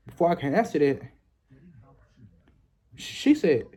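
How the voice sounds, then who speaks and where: Young man, husky and mellow, rambling profane storytime delivery. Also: a little high, lively intonation, moderate pace, pauses often. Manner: rambling, repetitive, profane slang. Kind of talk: casual storytime.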